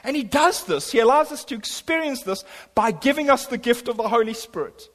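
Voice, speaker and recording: A man preaching a sermon, telling a personal story with emphatic swings between loud and hushed delivery. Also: high voice, expressive, normal speed, few pauses. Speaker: pastor. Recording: long hall reverb.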